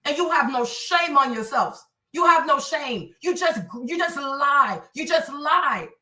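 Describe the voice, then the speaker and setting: A woman's voice: sits high, expressive, unhurried, bright, forceful tone, recorded from a distance. A woman hosting a heated political commentary livestream. She preaches, repeats herself and hammers rhetorical questions, stopping to thank viewers for donations. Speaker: livestream host. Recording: echoey room, voice away from mic.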